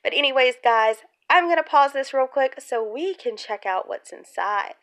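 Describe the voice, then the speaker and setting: A woman chatting casually while unboxing a gift on her bed, excitable and chatty with frequent squeals, filmed on a handheld phone. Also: high-pitched, normal speed. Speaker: crafts vlogger. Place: bedroom at home. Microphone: handheld phone camera.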